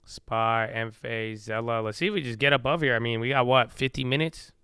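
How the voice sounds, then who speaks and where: A man's voice: mid-range voice, a little fast, sharp tone, smooth, no echo, clean studio sound. A young man chatting casually on a trading livestream, rambling in slang and calling people "bro.".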